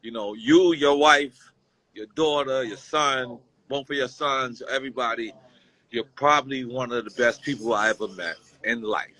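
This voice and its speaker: A man's voice: medium pitch, moderate pace, sharp tone, no echo, low-quality recording. A man speaking as a guest in a casual, heartfelt conversation. He tells a story with feeling and repeats himself often. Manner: emotional, repetitive, storytelling.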